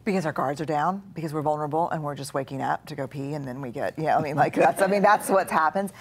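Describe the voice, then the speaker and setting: A woman's voice: deep voice, fast, husky. A middle-aged woman, a guest author in a live studio talk, explaining her ideas earnestly and acting out inner voices.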